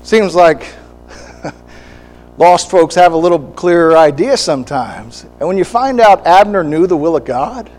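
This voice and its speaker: A man preaching a sermon, animated and acting out quoted voices, with short laughs between points. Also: fairly high pitch, unhurried, low-quality recording.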